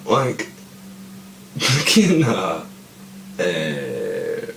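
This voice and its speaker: A man's voice: low voice, wildly swooping pitch, very slow, gravelly, a bit bright, echoey room, a little hiss or hum, rough recording. A stoned man in casual chat who rambles, swears a lot, and keeps losing his train of thought. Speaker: podcast co-host.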